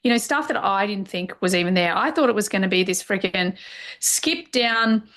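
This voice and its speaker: A woman's voice: medium pitch, normal speed, a bit bright. A middle-aged woman coach, a podcast guest, sharing personal stories openly and emotionally, with lots of fillers. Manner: open and emotional, many fillers. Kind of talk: candid personal conversation.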